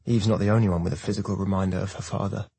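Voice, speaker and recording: Man narrating a novel in first person, low and husky, dry close sound. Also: steady tone, rapid-fire, dark tone, dry recording. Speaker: audiobook narrator. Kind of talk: scripted narration.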